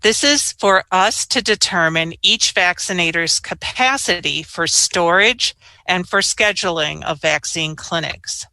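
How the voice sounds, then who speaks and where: Middle-aged woman official reading briefing remarks, bright tense voice, dry close sound, calm explaining. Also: lowish voice, no room sound. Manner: measured, explanatory. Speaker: state health official.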